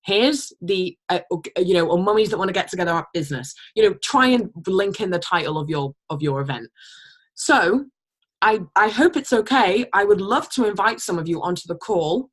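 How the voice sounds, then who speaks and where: A woman leads a team training call. She talks bluntly and casually, swears now and then, and acts out sample messages in a higher voice. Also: expressive, moderate pace, slightly rough. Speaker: team leader. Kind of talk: team training call, motivational pep talk.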